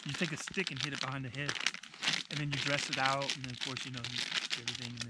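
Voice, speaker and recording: A man's voice: mid-range voice, fairly even intonation, fast, very noisy. A man chatting casually at a winter campsite, telling training stories with easy laughs. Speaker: vlogger. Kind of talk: casual chat. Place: snowy winter campsite outdoors.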